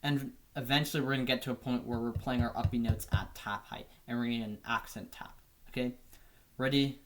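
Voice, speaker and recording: Relaxed man teaching drum technique. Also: mid-range voice, a little fast. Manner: relaxed, repeats "right?" often. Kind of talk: casual instructional explanation.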